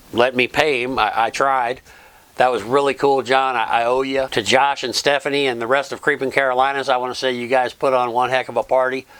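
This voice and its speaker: A man's voice: medium pitch, fairly bright tone, smooth. Middle-aged male vlogger, casual earnest recap, mid-range voice. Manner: plain, earnest recap with thanks to friends. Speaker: vlog host. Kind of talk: casual travel vlog narration.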